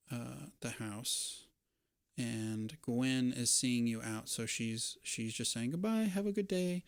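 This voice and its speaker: A man narrating a tabletop role-playing game as dungeon master, relaxed, with pauses and fillers. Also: medium pitch, clean tone, dry recording, clean studio sound.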